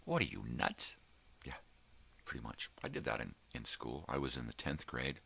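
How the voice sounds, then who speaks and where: Very deep gravelly profane ranting man. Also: huge pitch swings, normal speed, sharp tone. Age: middle-aged. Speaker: vlogger host. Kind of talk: casual morning rant.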